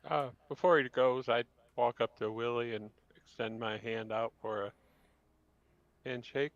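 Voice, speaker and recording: A man's voice: medium pitch, steady tone, measured pace, no room sound, highs cut off. A man playing a tabletop game, speaking casually as he says goodbye to a companion. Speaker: player. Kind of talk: in-character tabletop role-play.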